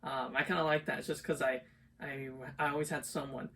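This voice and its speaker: A man's voice: fairly high pitch, level tone, fairly quick, creaky, a bit bright. A young man co-hosting a podcast, telling stories in a rambling, casual way full of filler words. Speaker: podcast co-host. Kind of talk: casual chat. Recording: distant mic, faint background noise.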